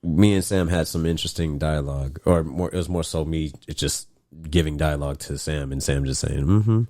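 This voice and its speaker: A young man with a very low, deep voice hosts a casual podcast. He rambles in loose, animated bursts and swears freely as he talks. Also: a little fast. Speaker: podcast host. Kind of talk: casual chat.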